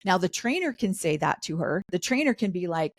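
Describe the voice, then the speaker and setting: Middle-aged woman co-host, lowish voice, dry close sound, chatty recap energy. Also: sing-song, dry recording. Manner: chatty, quotes the cast in quick asides. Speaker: podcast co-host. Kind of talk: casual recap chat.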